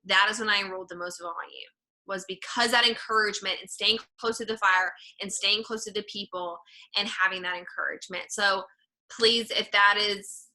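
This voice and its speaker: Earnest woman pepping up her team, super bright voice, lots of "like". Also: mid-range voice, poor audio. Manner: earnest, encouraging, many "like" fillers. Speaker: team leader. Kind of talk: motivational team talk.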